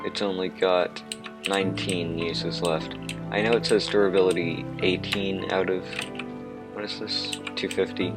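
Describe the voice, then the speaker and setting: A man's voice: low voice, flat delivery, unhurried, loud music behind the voice. A man giving rambling, self-mocking commentary over his own gameplay. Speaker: let's play host.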